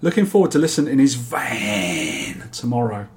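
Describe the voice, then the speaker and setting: A podcast host chats casually and reads listener feedback, tossing in jokey asides and laughing at his own quips. His mid-range voice is expressive, fairly quick, and a little mellow, with slight background noise.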